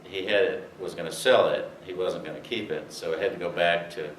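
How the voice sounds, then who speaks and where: An older man's deep voice stays steady in tone as he talks fairly quickly, telling an audience rambling stories from racing history with many fillers. Faint hiss and a roomy, distant sound mark the recording.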